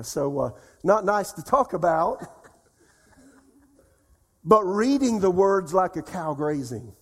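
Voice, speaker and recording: An older man preaching a folksy sermon as pastor, dropping soft and slow to repeat scripture. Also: fairly high pitch, slightly rough.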